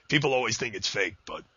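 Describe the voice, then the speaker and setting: A deep-voiced man hosting a casual podcast interview, ranting and joking, often stumbling over words. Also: moderate pace, bright, forceful tone, husky, dry recording. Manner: ranting, jokey, slips into a high announcer voice for quotes. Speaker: podcast host. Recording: dull lo-fi audio.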